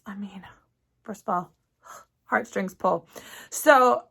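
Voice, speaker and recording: Bright-voiced, gushing woman vlogger. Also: mid-range voice, slow pace, creaky, breathy edge. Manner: gushing, excitable, chatty. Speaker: cross-stitch vlogger. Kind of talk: casual chat to camera. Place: home craft studio.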